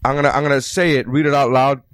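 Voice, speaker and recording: A man's voice: medium pitch, fairly even intonation, rapid-fire. A man in casual podcast chat who often repeats a phrase while gathering his thoughts.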